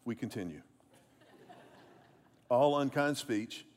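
A male pastor, preaching a sermon in an animated, conversational way with self-deprecating humor. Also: mid-range voice, takes it slowly.

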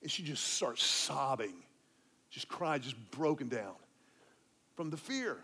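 A middle-aged man, preaching a sermon as pastor and telling a story, dropping to a hush when he quotes himself comforting someone. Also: mid-range voice, big pitch swings, slow, slightly rough.

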